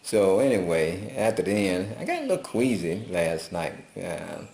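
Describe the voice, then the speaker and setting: A man talking in a folksy, preachy, casual vlog style, telling animated stories. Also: deep voice, moderate pace, creaky. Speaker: vlogger. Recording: roomy echo.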